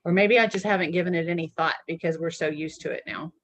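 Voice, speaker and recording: A woman's voice: fairly low pitch, fast talker, fairly bright tone. A woman student musing aloud in casual chat over a call. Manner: thoughtful, musing.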